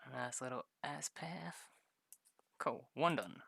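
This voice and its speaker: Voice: mid-range voice, slow pace, vocal fry, a bit bright, breathy edge, no room sound. A streamer chatting casually while drawing maps, rambling, swearing freely, often laughing at themselves.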